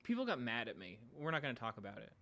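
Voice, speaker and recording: A man's voice: medium pitch, wildly swooping pitch, racing, sharp tone. A man, a podcast host, chatting casually with viewers on a livestream from home, rambling and self-deprecating and often trailing off mid-sentence. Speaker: podcast host streaming live. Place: at home with his dog.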